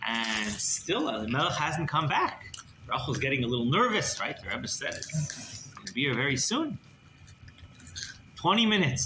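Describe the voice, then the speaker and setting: A rabbi telling a story in a sermon, animated and conversational, often checking in with the listeners, recorded in an echoey room with background noise. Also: male voice, a little high. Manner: animated, conversational, asks "right?".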